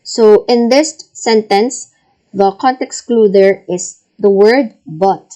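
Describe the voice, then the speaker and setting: In a rough recording, a woman's medium-pitched, dark-toned voice leads a reading lesson. She reads out lists of words and checks answers with patience, speaking slowly and repeating each word as a model.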